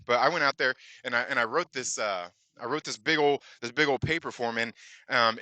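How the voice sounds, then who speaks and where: A man's voice: medium pitch, lively intonation, moderate pace, pushed and bright, no echo. A man hosting his own channel, telling a casual story full of fillers and acting out the dialogue. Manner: rambling, many fillers, acts out dialogue. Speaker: channel host.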